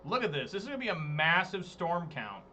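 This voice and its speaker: A man's voice: fairly high pitch, very animated, a little fast, sharp tone, a little hiss or hum. A man streaming a card game, giving casual, exasperated commentary, swearing and talking to his chat. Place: home room, hot day.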